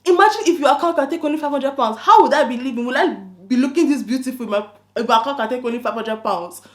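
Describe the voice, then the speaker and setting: A woman YouTuber telling a story in casual vlog chat, animated and incredulous, with bursts of emphasis. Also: on the high side, fast talker.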